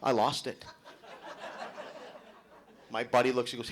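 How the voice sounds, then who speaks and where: A middle-aged man doing loud, animated, swearing stand-up storytelling at a club show. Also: mid-range voice, moderate pace, long pauses. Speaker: stand-up comedian. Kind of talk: live stand-up comedy. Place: club event hall with live audience.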